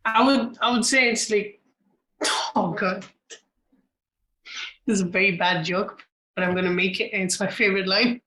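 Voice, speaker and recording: A co-host on a casual film podcast, halting and full of restarts, with dry, brief answers. The voice is bright and sharp, and it rings in an echoey room. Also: mid-range voice, slight background noise.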